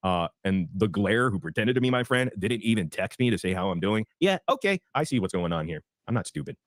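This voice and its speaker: Fast-talking man telling a story. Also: lowish voice, big pitch swings, no room sound. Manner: blunt and profane, quick rambling. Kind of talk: casual storytelling.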